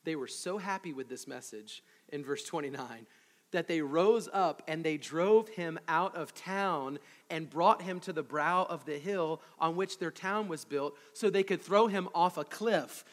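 High-voiced preacher in a reverberant hall. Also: male voice, unhurried. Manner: conversational, animated, with asides to the congregation. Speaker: pastor. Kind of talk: expository sermon.

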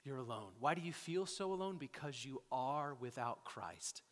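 A man's voice: mid-range voice, expressive, moderate pace, a bit bright. A male pastor preaching a sermon in a church, talking conversationally and often tagging his points with "right?" or "okay?". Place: church sanctuary. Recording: echoey hall.

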